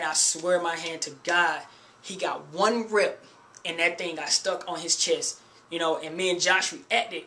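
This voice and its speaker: A man's voice: high voice, bright, forceful tone. A man vlogging in a loose, chatty way, telling a gym story and warning beginners to use a spotter. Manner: loose and chatty, keeps saying "you know" and "man". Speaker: fitness vlogger. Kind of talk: casual storytelling to camera.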